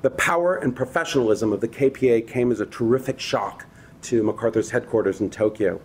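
A man with a mid-range voice, talking a little fast, gives an academic public lecture at a university. He reads from a prepared text but breaks off now and then for conversational asides to the audience.

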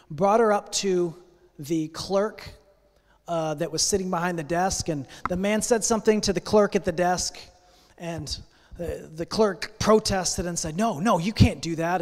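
A man's voice: on the high side, darkish tone. Earnest male preacher in a ringing hall. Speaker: pastor. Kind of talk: sermon with storytelling. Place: church sanctuary. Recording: long church hall reverb.

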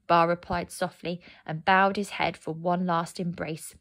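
A woman narrating a fairy tale aloud, gentle and expressive. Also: fairly low pitch, a little slow, creaky. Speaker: storyteller. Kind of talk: storybook narration.

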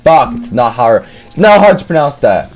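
A man giving live gameplay commentary as a gaming streamer, excitable and trash-talking, swearing often. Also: mid-range voice, moderate pace, music in the background.

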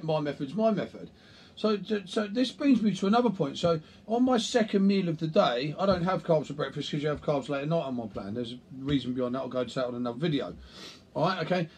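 A nutrition coach and personal trainer speaks bluntly and casually to camera in a talking-head vlog, dropping the occasional swear word. His voice sits on the high side, quick and a little mellow, with a breathy edge.

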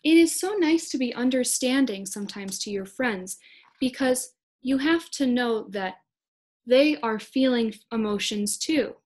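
A young woman in her twenties giving a children's read-aloud lesson, speaking gently and encouragingly to young kids. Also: a little high, lively intonation, a little slow. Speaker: speech-language pathology student teacher.

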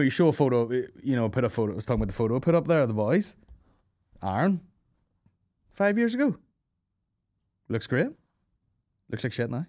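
A man's voice: medium pitch, darkish tone, no echo, clean studio sound. A man hosting a comedy podcast, rambling through crude, swearing banter with jokes and asides.

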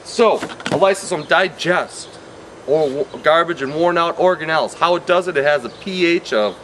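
A man's voice: on the high side, normal speed, noisy background. A man teaching a science lesson in a chatty, playful way, repeating key points and drifting into tangents. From Wisconsin.

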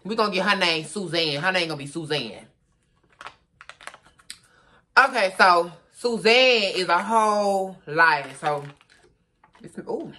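A storytime vlogger, this man tells a story casually in slangy, repetitive phrasing, animatedly acting out what people said. His voice is high-pitched and a little slow.

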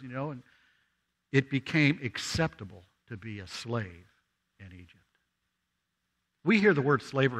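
A man's voice: mid-range voice, fairly bright tone. A man preaching a sermon in a church, talking conversationally and asking the congregation questions. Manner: acts out voices of people in the story. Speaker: guest preacher. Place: church sanctuary.

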